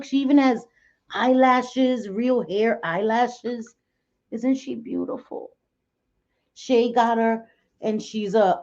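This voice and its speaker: Speaking in a fairly high pitch with a dark tone, this middle-aged livestream host chats from home. She laughs a lot and addresses viewers by name, all in dull, lo-fi stream sound.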